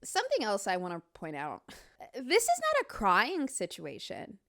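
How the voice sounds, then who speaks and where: A woman hosting reaction commentary on a video, emphatic and sarcastic, with animated asides. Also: mid-range voice, moderate pace, noisy background. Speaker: commentary streamer host.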